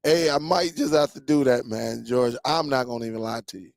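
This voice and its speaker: With a creaky, mid-range voice and a fairly quick delivery, a man in his forties runs a relaxed live chat for his viewers. He's a storyteller who keeps dropping "man" into his talk. There's no echo on the recording.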